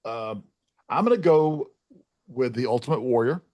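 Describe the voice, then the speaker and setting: A man's voice: mid-range voice, animated, moderate pace, no echo, highs cut off. A man co-hosting a podcast, talking in an enthusiastic, hype-filled manner. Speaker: podcast co-host. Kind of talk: casual chat.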